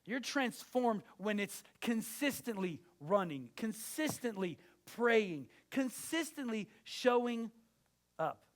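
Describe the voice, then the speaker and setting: A man's voice: high-pitched, sing-song, takes it slowly. A man preaching a sermon as pastor, exhorting his listeners directly and with emphasis.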